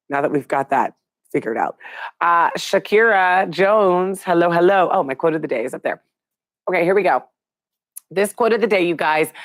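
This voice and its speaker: A woman's voice: on the low side, no echo. A middle-aged woman hosting a live online show, chatting casually and upbeat with viewers and reading out their names.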